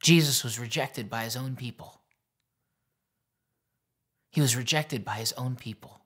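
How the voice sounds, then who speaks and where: A male pastor preaches in an earnest, husky voice that often sinks to a hushed near-whisper. His pitch sits in the middle range for a man. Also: a little slow. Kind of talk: sermon retelling a Bible story.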